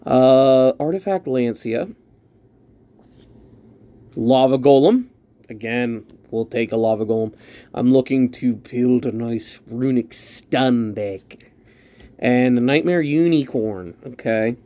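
A man giving casual commentary while opening trading card packs, chatty and excitable, thinking aloud as he sorts his pulls. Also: medium pitch, takes it slowly.

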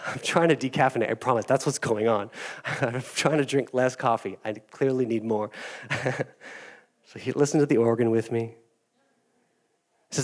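A man's voice: medium pitch, normal speed, pauses often. A male pastor preaching a sermon in a joking, self-deprecating way.

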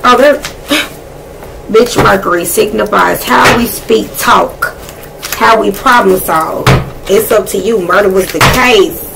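A woman giving a casual tarot reading, blunt and excitable, swearing freely as she talks to spirit. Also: medium pitch, takes it slowly, creaky, very noisy. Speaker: tarot reader.

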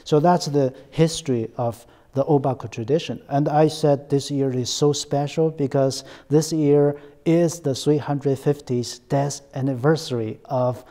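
A man with a warm, mellow voice hosts an academic interview. He speaks hesitantly, restarting phrases and often checking in with a tag question. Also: fairly high pitch, fairly even intonation, unhurried, hardly any pauses. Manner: hesitant, repeats words, tag questions "right?". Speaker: interview host, center scholar. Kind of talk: recorded academic conversation.

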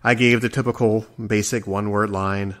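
A man's voice: fairly low pitch, fairly even intonation, normal speed, a bit bright. A man in his forties hosting a solo podcast, earnest and rambling, sometimes stumbling over his words. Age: 40s. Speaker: podcast host. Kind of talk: reflective solo podcast monologue.

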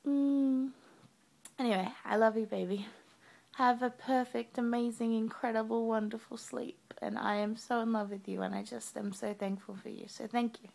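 Drowsy young woman with a creaky voice. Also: a little high, fairly even intonation, moderate pace. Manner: soft, drowsy and affectionate, talking with eyes closed. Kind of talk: sleepy video message to a partner. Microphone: webcam.

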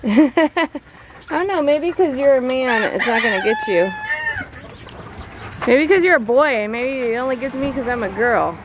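A mother vlogging outdoors by her chicken yard, chatting playfully with her son and laughing often. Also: high voice. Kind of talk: casual vlog chat with her son. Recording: faint outdoor background noise.

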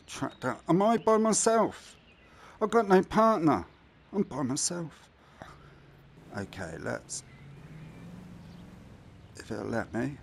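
Chatty gravelly man. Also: mid-range voice, slight background noise. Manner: chatty, swears casually, often mutters to himself. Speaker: gaming commentator. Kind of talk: casual gameplay commentary.

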